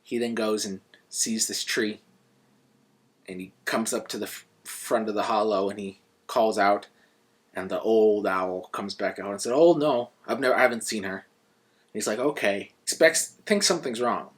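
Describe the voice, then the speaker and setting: A man casually reviewing a book and retelling its stories in a conversational, animated way. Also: lowish voice, a little slow, slightly rough.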